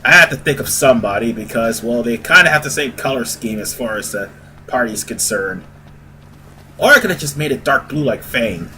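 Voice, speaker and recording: Man, casual let's-play commentary, rambling, self-correcting, bright tense voice. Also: mid-range voice, animated, moderate pace, slight background noise. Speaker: gaming video host.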